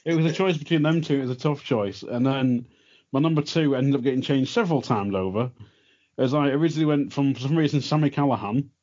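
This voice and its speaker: Relaxed young man in casual chat. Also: medium pitch, quick pace, dull audio. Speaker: podcast co-host.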